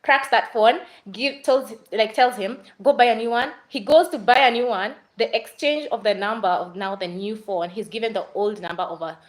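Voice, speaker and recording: A woman's voice: medium pitch, normal speed, few pauses, poor audio. Chatty Kenyan woman rambling casually. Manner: chatty, rambling, mixes in Swahili fillers. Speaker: vlogger reviewing movies. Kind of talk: casual livestream chat.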